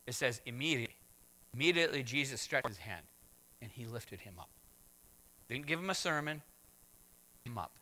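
A man preaching a sermon as pastor, swinging from hushed words to loud exclamations. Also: mid-range voice, lively intonation, normal speed, pauses often. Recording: long hall reverb.

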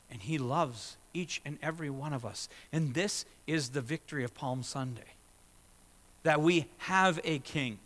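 A man preaching a sermon with a high, bright, ringing voice. He leans on rhetorical questions and swells into forceful, emphatic stretches. His words echo with a long reverb through a church hall. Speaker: pastor.

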